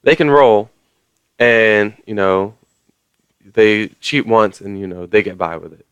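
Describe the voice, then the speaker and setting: A man's voice: fairly low pitch, slow, fairly bright tone, clear, resonant tone, no echo, highs cut off. A man ranting casually to his viewers, rambling along with lots of fillers and mild swearing. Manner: conversational, many fillers. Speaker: vlogger. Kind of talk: casual rant to camera.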